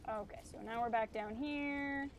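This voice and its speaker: A woman's voice: fairly high pitch, measured pace, a little hiss or hum. A woman streaming a video game, chatting casually, explaining mechanics and teasing enemies on screen. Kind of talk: casual gameplay commentary.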